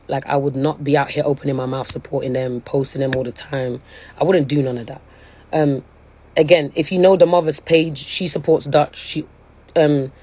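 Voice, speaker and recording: A woman's voice: sits low, a little mellow, husky. A young woman, speaking casually and emphatically on a phone live stream, often checking in with her listeners. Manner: emphatic, keeps repeating "you know what I'm saying". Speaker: livestreamer.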